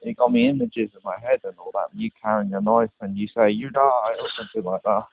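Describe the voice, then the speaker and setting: A man's voice: fairly low pitch, huge pitch swings, fast talker, vocal fry, slight background noise. A man in a casual argument, insistent and repeating his point. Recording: tinny phone-like line.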